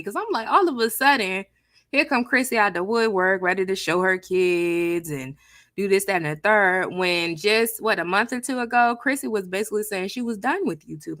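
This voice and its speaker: A woman hosting a live stream, chatting with her viewers in a sassy, casual way with a soft, near-whispered delivery on a close mic. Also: mid-range voice, no echo. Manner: chatty, sassy, talks to chat as "child" and "honey". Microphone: new close studio mic.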